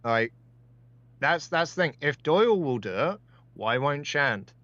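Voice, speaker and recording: Halting man on a dull-sounding mic. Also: fairly high pitch, expressive, fairly bright tone, no room sound. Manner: halting, repeats phrases, restarts. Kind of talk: casual chat.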